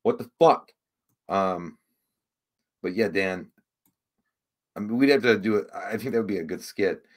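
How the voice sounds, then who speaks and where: A man's voice: low-pitched, normal speed. A man hosting a casual livestream, rambling and swearing, easily frustrated. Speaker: livestream host.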